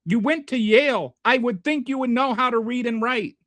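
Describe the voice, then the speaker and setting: A man's voice: very high-pitched, normal speed, a bit bright, no room sound. A male host giving sarcastic, rambling political commentary on a livestream and reading chat. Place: home near a small Texas town.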